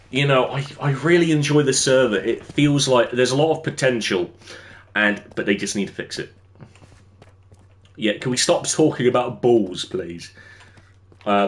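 A young English man chatting casually on a gaming livestream, rambling and answering his chat as he plays. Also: medium pitch. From England. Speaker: streamer.

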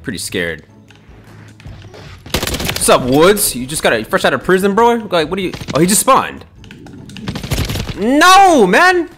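A man's voice: a little high, moderate pace, long pauses, music in the background. A young man swearing and trash talking as he comments on his own gameplay. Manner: excitable, swearing trash talk. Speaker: gamer.

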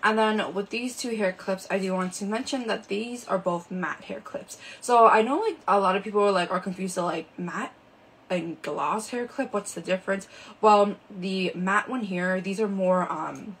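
Een vrouw die kletsend haarclips presenteert in een livestream. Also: female voice, mid-range voice, moderate pace, fairly bright tone, slightly rough, low-quality recording. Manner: chatty, full of fillers like "um" and "like". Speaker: live shopping host. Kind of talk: casual live product demonstration. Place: indoors with a ring light.

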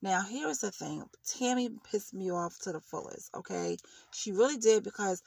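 A woman's voice: mid-range voice, expressive, moderate pace, gravelly, darkish tone, husky, dry recording. A woman vlogger giving blunt, heated commentary on a reality show, ranting in casual slang.

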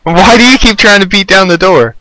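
A man's voice: high-pitched, fairly quick, sharp tone, a little hiss or hum, rough recording. A laid-back, amused man talking over in-game voice chat. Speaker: player in an online survival game.

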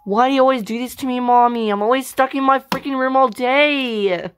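A woman's voice: high voice, fairly quick, clean tone, lightly acted. Carlene, a woman playing a whiny begging daughter. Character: pleading, sulky adopted daughter, young woman. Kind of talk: amateur home-made family drama.

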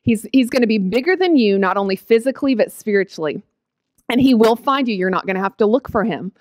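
Woman, late thirties, testimony talk, emotional and chatty, fairly high voice, dry sound. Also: lively intonation, fast talker, a little mellow, no room sound. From Oklahoma panhandle, USA. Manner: emotional, tearful at times, chatty with many fillers. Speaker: guest speaker.

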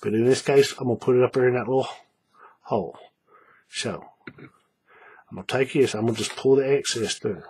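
A husky, darkish mid-range voice at normal speed, broken by long pauses, belongs to a paracord craft instructor. His folksy hands-on narration walks through a bracelet step by step, repeating each move and checking in with viewers.

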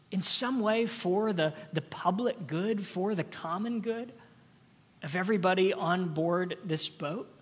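A woman's voice: on the high side, slightly rough, long reverb tail. A woman preacher voicing a stern male ship captain who scolds a sleeper, urgent and raised.

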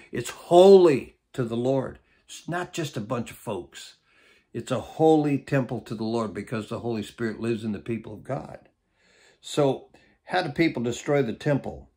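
A middle-aged man teaches a Bible study as a pastor, and his voice is a little husky and breathy. He drives points home with emphatic repeats and quick "okay?" check-ins to his listeners. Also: medium pitch.

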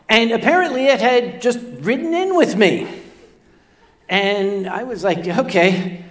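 High-voiced older man telling stage stories. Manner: self-deprecating, stammers and repeats words. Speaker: on-stage storyteller. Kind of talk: comedic stage storytelling. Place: convention stage before a live audience.

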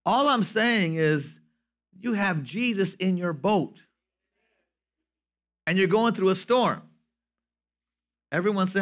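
A man preaching a lively sermon as pastor, swinging from loud to soft. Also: high voice, slow, long pauses.

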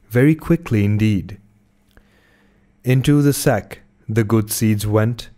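A man reading a fairy tale aloud as a storyteller, in slow, measured scripted narration. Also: mid-range voice, darkish tone.

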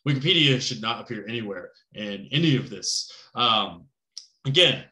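A man's voice: mid-range voice, lively intonation, moderate pace, sharp tone, echoey room. A man teaching a college class, speaking casually with many fillers, frequent "right?" checks and joking asides. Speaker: college instructor. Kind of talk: recorded class lecture.

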